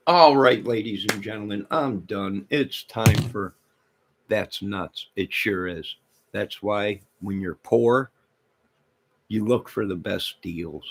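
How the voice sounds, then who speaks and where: Casually hosting a livestream, this man jokes and rambles with the people in his chat. His toothless speech sits low and creaky, with a little hiss or hum in the background.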